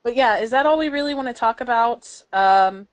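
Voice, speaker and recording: A young woman co-hosting a casual podcast, talking excitedly and chattily with plenty of fillers. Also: on the high side, a little fast. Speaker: podcast co-host.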